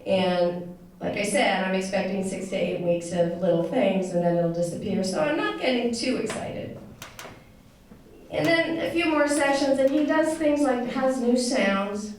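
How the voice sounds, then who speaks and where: A woman's voice: medium pitch, unhurried, a little mellow. A woman tells a personal story to an audience in a conversational, heartfelt way, with many fillers and self-corrections. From United States. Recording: echoey room, voice picked up from a distance with some noise.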